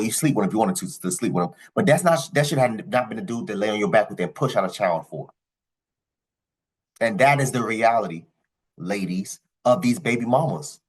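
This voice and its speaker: A man giving blunt, profane commentary as a vlogger, with his pitch jumping high on the words he stresses. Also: a little fast, slightly rough, rough recording. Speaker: commentary vlogger reacting to a clip. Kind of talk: ranting commentary.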